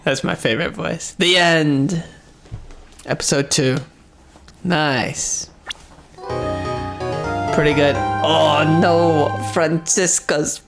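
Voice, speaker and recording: A young woman in her twenties talks through her game in a relaxed, unhurried way, laughing between lines. Her voice is a little low, and loud game music runs behind her. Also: vocal fry, low-quality recording. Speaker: gaming channel host. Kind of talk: casual gameplay commentary.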